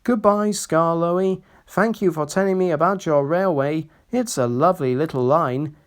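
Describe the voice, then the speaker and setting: A man's voice: on the high side, moderate pace, smooth, voice pushed up, lightly acted. A man voicing a kind, polite male steam engine in a storybook reading. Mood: grateful.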